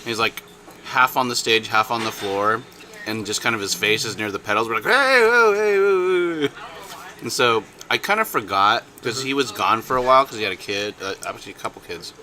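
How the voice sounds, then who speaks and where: A man's voice: fairly low pitch, fairly quick, bright, forceful tone, a little hiss or hum. A man co-hosting a casual podcast chat, telling a long story with many restarts and bursts of laughter. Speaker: podcast co-host.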